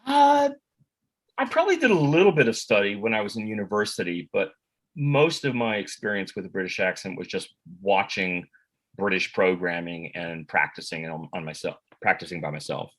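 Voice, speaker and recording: Low-voiced American man, rambling easily. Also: moderate pace, rough recording. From United States. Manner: relaxed and rambling, many fillers and restarts, laughs easily. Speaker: actor and voice actor, interview guest. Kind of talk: casual interview answers.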